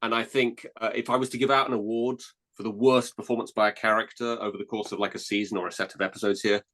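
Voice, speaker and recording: A man guesting on a podcast, casually giving quick, opinionated explanations as a reviewer. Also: on the low side, flat delivery, a bit bright. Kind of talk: casual chat.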